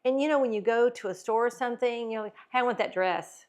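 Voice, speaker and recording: A middle-aged woman co-hosting a casual faith and wellness talk show, animated, acting out tones of voice and laughing often. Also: a little high, fast. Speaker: podcast co-host.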